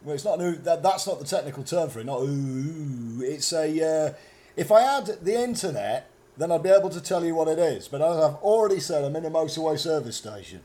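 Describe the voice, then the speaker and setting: A British man with a rather high voice that swings animatedly up and down. He rambles through an improvised comedy chat, tripping over his words while claiming to know everything. He is talking from a motorway service station. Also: expressive, brisk, mellow. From Britain. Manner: rambling, stumbling, mock-confident. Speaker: podcast co-host.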